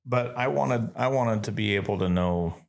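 Gravelly low-voiced male podcast host. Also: darkish tone. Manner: earnest, halting, repeats words as he gathers thoughts. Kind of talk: casual interview chat.

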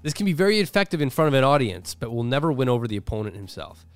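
A man co-hosting a podcast in casual chat, animated, laughing often and acting out the voices he quotes. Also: mid-range voice, racing, no echo, faint music behind. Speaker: podcast co-host.

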